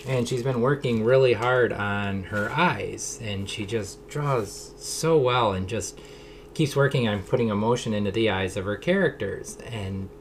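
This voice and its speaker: A middle-aged man with a voice on the low side, carrying a slight hiss or hum, hosts a solo podcast. His reflective monologue is earnest and rambling, with the occasional sarcastic aside.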